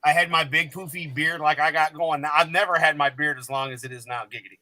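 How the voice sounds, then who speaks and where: Profane, rambling man with a bright voice. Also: a little high, fairly even intonation, fast talker, dry recording, poor audio. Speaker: podcast panel guest. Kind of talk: casual storytelling chat.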